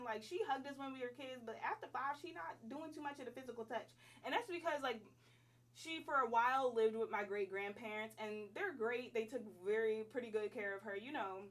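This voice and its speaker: Twenty-something girl venting a storytime at home, kinda high voice, a bit far from the mic. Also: fairly quick. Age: 20s. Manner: animated, slangy, emphatic storytelling. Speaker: vlogger. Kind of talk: casual storytime chat.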